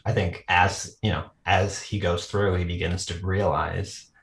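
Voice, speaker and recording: A man's voice: deep voice, fairly even intonation, a little slow, creaky, a bit bright. A man chatting casually about films on a podcast, rambling with lots of fillers and frequent laughs. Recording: roomy echo.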